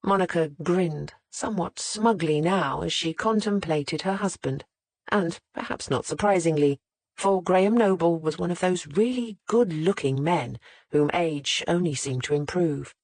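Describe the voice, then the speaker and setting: Audiobook narrator, mid-pitched, measured scripted reading, close dry mic. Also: no room sound.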